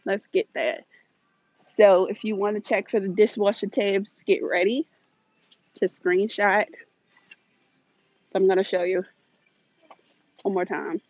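This US vlogger livestreams from inside a big store, phone held as she walks, and her talk is chatty, a bit scattered, and full of laughter. She speaks a little slowly with long pauses, in a slightly mellow, medium-pitched voice that barely moves in pitch. The recording is dull, dry phone sound without echo.

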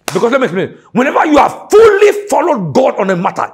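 A pastor preaching a sermon, dropping to low murmurs and then rising to shouted exhortation. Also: male voice, sing-song, fast, hardly any pauses, slightly rough.

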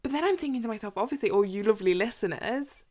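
A woman with an English accent co-hosting a podcast in casual chat, animated and giggly, with many "like" fillers. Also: a little high, quick pace. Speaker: podcast co-host.

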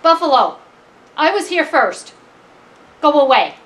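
A woman's voice: sits high, animated, moderate pace, fairly bright tone, voice pushed up. A woman voicing a small, self-important male mouse who insists defiantly that he will not be moved. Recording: distant mic at a live event.

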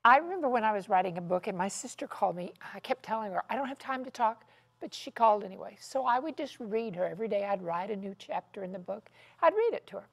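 A woman's voice: medium pitch, animated, quick pace, gravelly. A woman teaching in a televised Bible study discussion, with emphatic, dramatic preaching delivery. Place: television studio set.

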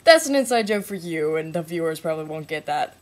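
A woman vlogging casually to the camera, chatty and self-mocking, jumping between hushed asides and excited bursts. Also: sits low, brisk. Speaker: vlogger in a shared channel. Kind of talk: casual vlog chat to the camera.

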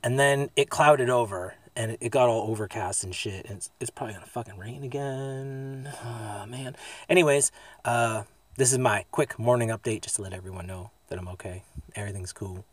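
A laid-back man from the East Coast rambles through a story with plenty of swearing. He talks at an ordinary middle pitch. He records on his phone inside a parked camper van, and the sound is close and dry. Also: brisk, no echo. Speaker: van-life vlogger. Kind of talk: casual vlog storytelling.

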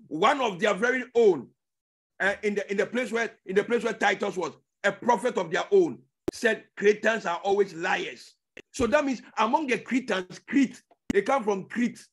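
A man teaching a sermon as a pastor, emphatic and repetitive, with loud bursts and low asides and frequent rhetorical questions. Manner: asks rhetorical questions and checks in with the listeners.

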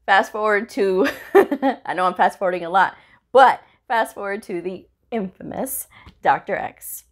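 Brief: woman vlogger, conversational storyteller, quotes dialogue with lively jumps up in pitch, peppers talk with "okay?" and "you know". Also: unhurried. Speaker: medical coder sharing career advice. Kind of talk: casual storytelling vlog.

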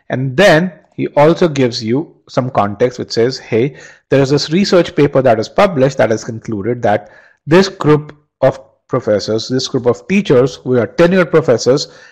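A man's voice: medium pitch, husky, rough recording. A man teaching a live online test-prep webinar, asking the class questions and restarting phrases with repeated words.

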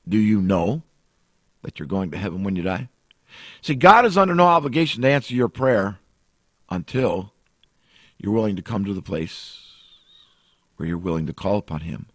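A man preaching a radio sermon as pastor, emphatic and repetitive, swinging between loud and soft. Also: deep voice, no echo.

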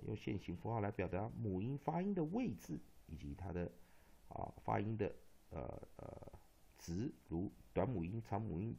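A man with a Taiwanese accent teaching English pronunciation, slowly spelling out letters and repeating sounds. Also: sits low, vocal fry, mellow, breathy edge. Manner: slow, drawn-out spelling and repetition of sounds. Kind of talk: spoken phonics lesson. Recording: dull lo-fi recording.

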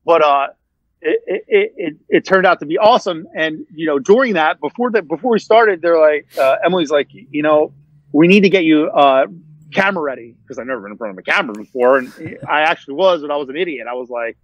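Podcast guest, male, casual rambling storyteller, fairly high voice, dull dry recording. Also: animated, brisk. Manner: rambling, many fillers and restarts. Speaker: interview guest.

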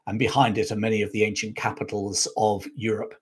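Guy rambling thru history on a live stream, bit husky, lots of uhs and fixes. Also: fairly low pitch, level tone, a little fast. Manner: rambling, self-correcting storyteller with many fillers. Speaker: history show host.

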